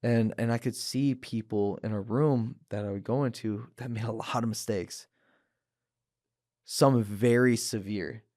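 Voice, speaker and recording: A man with a low-pitched voice speaks earnestly as a podcast guest. He tells his story in a candid, searching way and often doubles back on his words. The sound is close and dry. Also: steady tone, measured pace, a little mellow, no room sound. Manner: earnest, repeats words, acts out voices when quoting people. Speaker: podcast guest, professional fighter. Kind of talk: candid interview talk.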